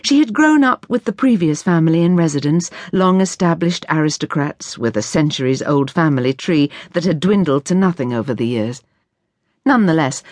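A woman reads a novel aloud with clear, expressive storytelling. Her voice sits low but moves a lot in pitch. The studio sound is close and dry. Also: no echo. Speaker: audiobook narrator. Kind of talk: scripted narration. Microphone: close studio mic.

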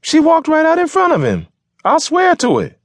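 A man voicing a frantic woman with a high, keening voice in an audiobook, screaming in panic. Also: wildly swooping pitch, normal speed, no echo, studio quality, heavily acted. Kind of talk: audiobook character reading.

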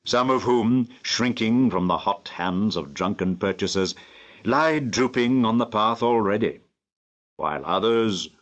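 An older man from England narrates a classic novel in a slow, deliberate, measured way. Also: fairly low pitch, highs cut off. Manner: slow, deliberate, lively phrasing. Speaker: audiobook narrator.

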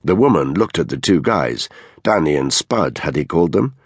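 A man reading a thriller audiobook in measured scripted narration. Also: deep voice, animated, husky, no echo. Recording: dry close studio mic.

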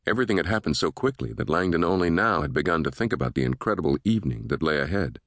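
Guy reading a thriller audiobook, really low voice, dry close mic, steady and measured. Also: no echo. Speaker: audiobook narrator. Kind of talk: scripted thriller narration.

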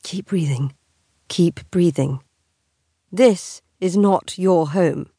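A woman's voice: lowish voice, slow, mellow, husky, dry recording, clean studio sound, exaggerated voice. A woman voicing an exasperated, proud young noblewoman who speaks in a clipped, indignant way.

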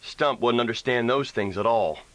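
A man narrating a western audiobook in an expressive storytelling manner, recorded on a close studio mic. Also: medium pitch, normal speed, dry recording, poor audio. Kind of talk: scripted narration.

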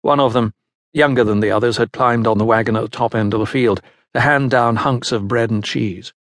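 Male narrator, measured historical-fiction reading, gravelly and dry. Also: mid-range voice, dry recording. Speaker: audiobook narrator. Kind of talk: scripted narration.

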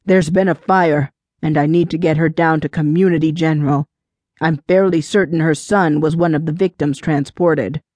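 A steady, composed male firefighter in a storybook, put on by a woman narrator. He talks low, hushed and urgent, his voice dropped well below her own. The sound is close and dry. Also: moderate pace, dry recording. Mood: urgent, calm.

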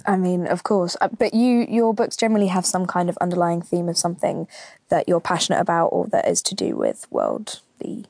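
A woman's voice: lowish voice, very animated, a little fast, gravelly, darkish tone, no room sound. A woman hosting an interview, asking questions in an encouraging, giggly way. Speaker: interviewer host.

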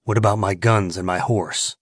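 A man voicing a calm, dangerous gunfighter who speaks quietly in short, controlled lines. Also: on the low side, moderate pace, no echo, studio quality, close to an everyday voice. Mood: cool menacing. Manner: quiet, clipped, controlled menace.

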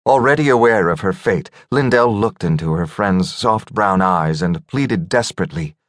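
A man narrating a fantasy audiobook in a measured, gentle storytelling manner. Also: deep voice, animated, dry recording, clean studio sound. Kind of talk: scripted narration.

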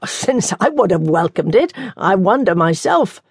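A woman reading the part of a mild, good-humoured young monk from London, speaking gently and wryly. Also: sits high, very animated, a little slow, husky, no room sound, studio quality, exaggerated voice. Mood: gentle.

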